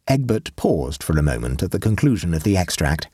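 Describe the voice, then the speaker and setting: A man narrating a classic short story aloud in a measured, lowered voice. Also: big pitch swings, mellow, breathy edge, no echo, clean studio sound. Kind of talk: audiobook reading of a classic story.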